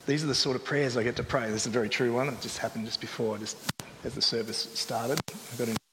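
A man's voice: mid-range voice, steady tone, quick pace, background noise. A man preaching a sermon in a joking, conversational way, acting out the voices of people who complain. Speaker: pastor. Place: church service hall. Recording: echoey live church hall.

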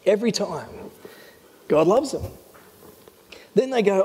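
A man giving a sermon as pastor, earnest and animated, teaching a series. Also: fairly high pitch, unhurried, pauses often, in a large hall. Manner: earnest, animated, often voices God in quotes.

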